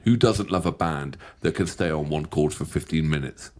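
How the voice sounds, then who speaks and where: A man's voice: a bass voice, normal speed, a little mellow. A man hosting a casual reaction chat, rambling and jokey as he reads notes aloud. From England. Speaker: host.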